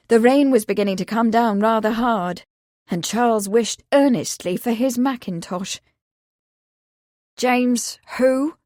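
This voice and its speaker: A woman narrating an audiobook in a measured, even storytelling manner. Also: fairly high pitch, no echo, clean studio sound. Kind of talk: scripted narration.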